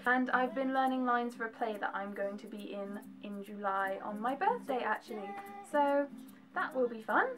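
A young woman from England with an English accent and a slight American twang, chatting to camera with animated, jokey asides in a home vlog. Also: a little high, normal speed. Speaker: vlogger. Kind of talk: casual chat to camera.

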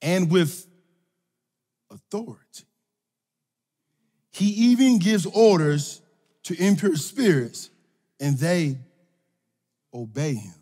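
Male preacher, high pitched, emphatic and repetitive, reverberant hall sound. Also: slow, long pauses, slightly rough. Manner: emphatic, repetitive declarations with call-and-response energy; animated, swings from loud to quiet. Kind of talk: sermon. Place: large room with audience.

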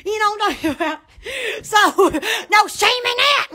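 A middle-aged woman chatting on a livestream, giggling and bursting into loud exclamations. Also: extremely high pitch, animated, drawn-out words. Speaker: livestream host. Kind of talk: rambling livestream chat.

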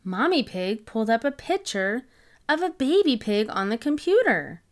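A woman's voice: fairly high pitch, sing-song, moderate pace. Cheerful woman reading to kids. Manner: warm, enthusiastic, child-directed. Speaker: children's book reader. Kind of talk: read-aloud storytelling for kids.

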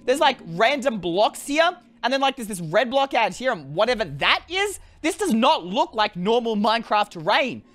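A woman giving chatty, animated let's-play commentary to her viewers, often exclaiming in excitement. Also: a little high, moderate pace, hardly any pauses. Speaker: gaming video creator.

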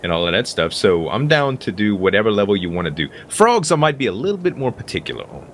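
Lively low-voiced Cajun man. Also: fast, a little hiss or hum. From Louisiana. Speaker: co-host gamer. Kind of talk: casual gameplay banter.

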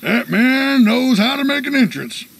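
A blustering old cartoon sergeant, high rough gravelly bark, swings up and down. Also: male voice, lively intonation, unhurried, background noise, heavily acted. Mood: pleased. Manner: blustering and loud. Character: gruff old male army sergeant, bossy and cranky. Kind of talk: animated series acting.

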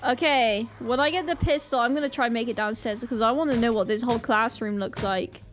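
A woman with a Northern Irish accent giving excitable gameplay commentary, full of panicked exclamations. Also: a little high, brisk, faint music behind. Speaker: gaming channel host.

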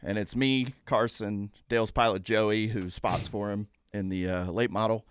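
A man telling stories as a podcast guest in a casual, animated way. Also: normal speed, clear, resonant tone, no echo. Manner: animated, jumps into high-pitched impressions. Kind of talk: casual storytelling. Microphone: studio mic.

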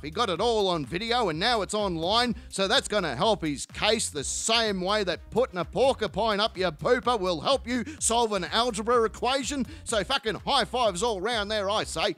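High, bright-voiced man ranting crudely. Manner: crude, insulting, profane. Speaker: commentary channel host. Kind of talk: comedic ranting commentary.

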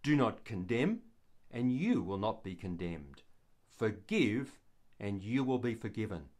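A man voicing Jesus as calm and patient, speaking slowly and gently. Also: fairly low pitch, pitched below the performer's own voice. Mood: gentle. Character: calm, patient male Jesus questioning a disciple.

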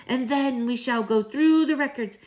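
A woman's voice: high-pitched, moderate pace, darkish tone, pitched above the performer's own voice, natural voice. A woman reading aloud, voicing a spirited old grandmother who speaks emphatically and commandingly. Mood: fervent. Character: fierce, spirited old grandmother witch-hunter.

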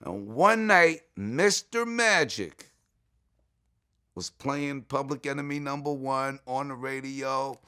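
A middle-aged man from New York telling stories in an interview, excitable and full of asides, often jumping up high when he quotes people. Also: slow pace. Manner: excitable, repeats "you know what I'm saying", jumps to high voice when quoting. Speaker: interview guest. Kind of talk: animated storytelling.

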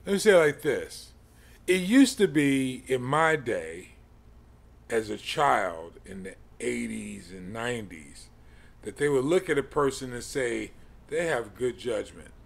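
A man in his forties teaching a Bible study in a slow, halting way, with many pauses and restarts. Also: medium pitch, lively intonation, creaky. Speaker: podcast teacher.

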